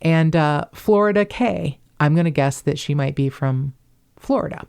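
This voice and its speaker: A woman's voice: deep voice, normal speed, vocal fry, a little mellow, clear, resonant tone. A woman from the Cincinnati area hosting a podcast, chatting in a rambling way with wry asides. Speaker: podcast host. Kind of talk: casual chat.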